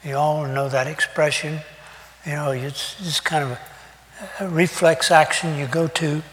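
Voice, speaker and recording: An older man delivers a sermon in a chatty, folksy manner, pausing often and reaching for fillers. His voice sits a little high for a man. The sound rings with the long reverb of a church hall. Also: fairly even intonation, a bit bright. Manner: conversational, folksy, with pauses and fillers. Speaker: preacher.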